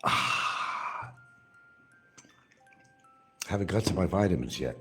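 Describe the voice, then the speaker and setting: Low-pitched man, lively sing-song delivery, wry rambling, casual home livestream. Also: a little slow, long pauses, faint music behind. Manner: wry, sing-song, talks to his dogs. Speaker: livestream vlogger.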